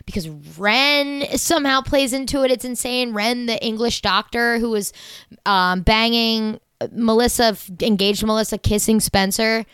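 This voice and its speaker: A woman co-hosting a podcast, chatting casually and excitedly about a TV show, rambling and swearing freely. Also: fairly high pitch, moderate pace, smooth, dry recording. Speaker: podcast co-host. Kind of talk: casual chat recapping a TV show.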